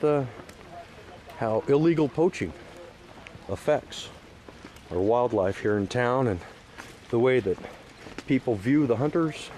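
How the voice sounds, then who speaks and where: A middle-aged man from Washington State, recorded outdoors at a lakeside park, rambles loosely with fillers and false starts. His voice sits at an ordinary middle pitch, and he turns emphatic when he scolds. Faint outdoor hum and passing vehicles sit quietly underneath. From Washington State, USA. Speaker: vlogger. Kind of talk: casual outdoor vlog ramble.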